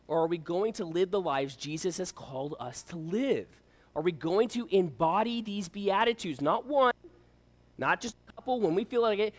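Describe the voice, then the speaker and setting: A man preaching a sermon as a pastor, pressing his listeners with rhetorical questions. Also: sits high.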